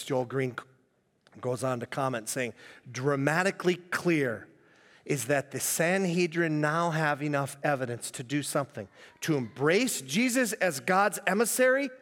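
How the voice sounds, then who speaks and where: Animated man preaching in a hall. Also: a little high. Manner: animated, jokey, laughs often. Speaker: pastor. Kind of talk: sermon. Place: church hall. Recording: long echo of a church hall.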